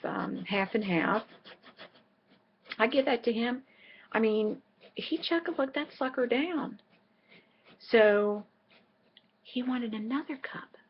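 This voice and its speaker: A woman's voice: mid-range voice, highs cut off. A middle-aged woman vlogging in a casual, rambling way, telling a chatty story full of asides. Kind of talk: casual chat.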